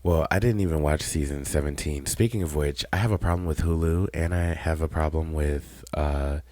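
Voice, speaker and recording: Man, podcast co-host, very deep voice, dry sound, blunt, swears freely. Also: moderate pace, a little mellow, no echo. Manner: blunt, profane, opinionated. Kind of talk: casual chat.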